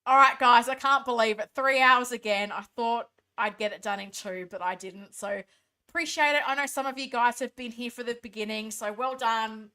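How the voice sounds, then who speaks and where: Tired, bright-voiced Australian woman streamer. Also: fairly high pitch, normal speed, clear, resonant tone. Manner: reads viewer comments aloud and answers them, chatty and thankful. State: tired late at night. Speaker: live stream host. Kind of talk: casual live-stream chat.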